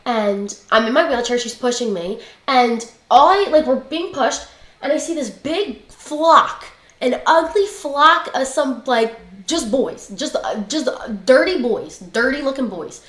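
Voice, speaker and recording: A woman's voice: sits high, lively intonation, unhurried, a bit bright. A young woman telling a story in a casual, blunt, chatty way, swearing freely as she talks. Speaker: livestream guest. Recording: roomy echoey room.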